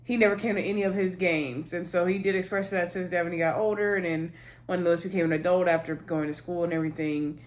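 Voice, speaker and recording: A woman's voice: fairly low pitch, fairly even intonation, fast. A woman casually recapping a reality TV episode, chatting to viewers as "y'all" and retelling scenes through quoted lines. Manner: retells scenes by quoting cast members.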